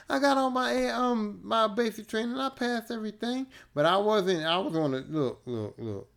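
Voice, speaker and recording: A man's voice: high voice, lively intonation, a little fast, gravelly, few pauses, a bit bright. Profane, laid-back man telling stories. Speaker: podcast host. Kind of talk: casual storytelling monologue.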